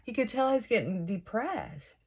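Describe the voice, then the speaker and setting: A woman's voice: a little high, very animated, normal speed, slight background noise. Musing woman vlogger thinking aloud. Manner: musing, asks many rhetorical questions; thinking aloud with frequent restarts and asides. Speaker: vlog host. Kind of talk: casual reflective monologue while getting ready.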